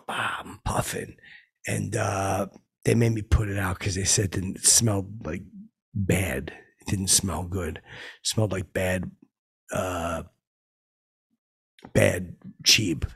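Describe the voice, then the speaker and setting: Man doing a boastful hanger-on, gravelly, husky, deadpan, rambling with fillers. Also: low-pitched. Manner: meandering, halting, full of fillers and sound effects. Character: dim, boastful washed-up male hanger-on telling tall tales. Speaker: comedy podcast host in character.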